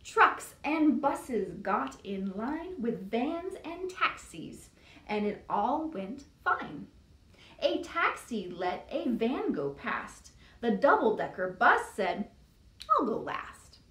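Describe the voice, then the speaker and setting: Animated woman reading aloud to children. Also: fairly high pitch, takes it slowly. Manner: animated sing-song reading with voices. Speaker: children's librarian. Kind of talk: children's storytime read-aloud. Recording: echoey room, distant mic.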